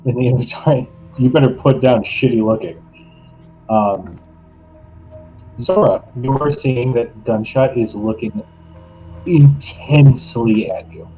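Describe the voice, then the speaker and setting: A man's voice: mid-range voice, measured pace, long pauses, dark tone. A man running a tabletop game as game master, narrating in a laid-back, chuckling way. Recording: dull lo-fi stream audio with faint music.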